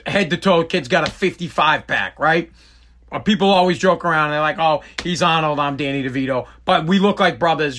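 A man's voice: high-pitched, pushed and bright. A middle-aged man telling a personal story in a blunt, rambling way, often breaking off and restarting his sentences. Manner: rambling, blunt, self-interrupting. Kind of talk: casual storytelling monologue.

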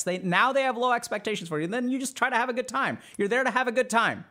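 A man's voice: high voice, expressive, fast talker, pushed and bright. A man hosting a podcast, giving casual advice to a live chat, acting out imagined inner voices and often asking "right?". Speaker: podcast host, psychiatrist.

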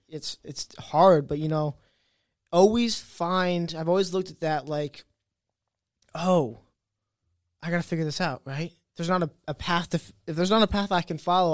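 A young man with a slightly high voice is a guest in a casual interview, telling his story with energy. He's animated, acting out the voices of the people he quotes. The audio is studio quality with no echo.

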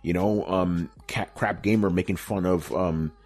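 A man's voice: low-pitched, fairly even intonation, measured pace, darkish tone, soft background music. A middle-aged man answering viewer questions in a laid-back, profane chat full of "you know" and "bro". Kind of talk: casual Q&A chat.

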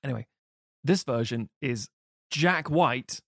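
A man's voice: medium pitch, takes it slowly, fairly bright tone, dry recording, studio quality. A man co-hosting a film podcast, chatting casually and animatedly, acting out quotes with bursts of laughter. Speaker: podcast co-host.

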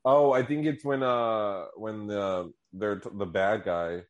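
A man's voice: on the low side, steady tone, slow pace, lo-fi sound. A man co-hosting a casual movie-review chat, agreeing often and laughing easily. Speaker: podcast co-host.

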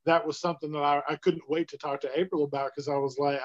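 Guy telling a relaxed story, kinda high voice, muffled lo-fi sound. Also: quick pace, few pauses. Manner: relaxed, anecdotal, quotes others. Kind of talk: casual conversation. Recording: dull lo-fi sound.

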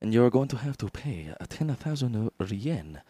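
A man's voice: medium pitch, moderate pace, husky, dry recording. A young man co-hosting a podcast, goofing around with crude jokes. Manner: goofy, lively joking. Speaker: podcast co-host. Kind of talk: casual podcast banter. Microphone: close podcast microphone.

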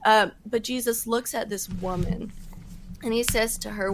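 A woman speaking as a podcast guest, giving earnest faith testimony in casual talk with quick bursts and fillers. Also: fairly high pitch, steady tone, background noise. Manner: earnest, fast-talking with fillers.

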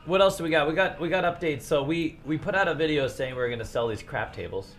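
A man hosting a casual livestream chat, his voice slightly hoarse from losing it, rambling with fillers and laughs. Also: on the high side, fast talker, a bit bright, slight background noise. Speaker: host.

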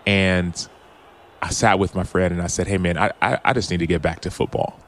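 A man in his thirties, a former football player appearing as a podcast guest, tells a personal story in a reflective, earnest way. His low voice stays fairly even in intonation, runs a little fast, and sounds a bit bright. He's open and keeps restarting as he retells quotes.

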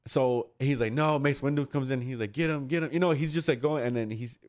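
A man's voice: medium pitch, a little fast, a little mellow. A man hosting a casual chat, telling a long, rambling story with frequent laughs and casual swearing.

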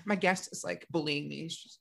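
A woman's voice: on the low side, steady tone, moderate pace, vocal fry. A woman hosting a podcast in casual chat, jokey and self-mocking. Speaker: podcast host.

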